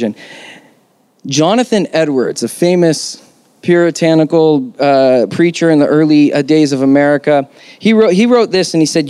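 A man's voice: on the high side, moderate pace, long pauses, mellow, no echo. A man preaching a sermon as pastor, conversational yet emphatic, with rhetorical questions.

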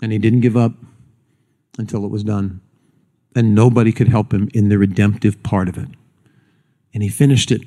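A man preaching a sermon to a congregation. He tells a folksy story, then slows and drops low and quiet for the solemn points. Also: steady tone. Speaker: pastor.

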